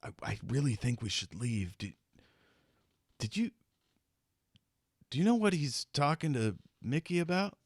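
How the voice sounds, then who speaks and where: A man's voice: medium pitch, very animated, a little slow, pauses often, breathy edge, no room sound, clean studio sound, pitched above the performer's own voice, exaggerated voice. A man voicing a jittery young cop who whispers urgently.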